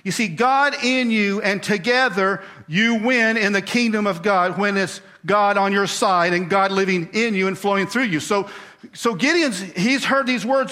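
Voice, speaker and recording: A man's voice: sits high, moderate pace, pushed and bright. A man preaching a sermon, talking to the congregation and acting out the characters. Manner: conversational, acts out voices, asks the congregation. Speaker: pastor.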